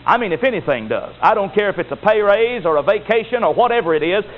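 Emphatic Baptist preacher on a tinny recording. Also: male voice, high-pitched, animated, fast talker. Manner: emphatic, repetitive preaching with rising exhortations. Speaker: Baptist pastor. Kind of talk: sermon. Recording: tinny phone-like recording with faint hiss.

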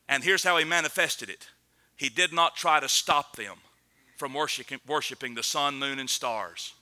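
A man preaching a sermon with earnest conviction, rising to loud emphatic passages and dropping to low, quiet stretches.

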